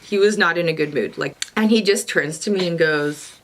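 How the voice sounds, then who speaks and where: A woman's voice: lowish voice, normal speed, a little hiss or hum. A young woman vlogger and new mother, telling a personal story in a chatty, emotional way with lots of fillers and restarts.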